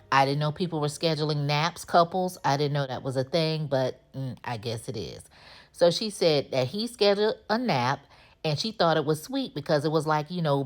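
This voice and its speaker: Low-voiced sassy woman recapping TV. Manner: chatty, sassy storytelling that acts out the characters' lines. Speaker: TV recap host. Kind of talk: casual TV episode recap.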